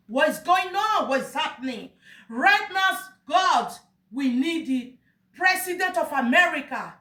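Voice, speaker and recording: A woman's voice: high voice, lively intonation, measured pace, bright, forceful tone, distant mic. A Nigerian woman giving an emotional, pleading monologue, crying out to God and lamenting. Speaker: vlogger. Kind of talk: impassioned monologue. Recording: echoey room, voice off-mic.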